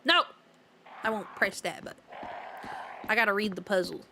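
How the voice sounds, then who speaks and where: With a medium-pitched, bright and forceful voice at a moderate pace, a woman streams a horror game and chats casually with her viewers, laughing and giggling often. A little hiss or hum sits in the audio.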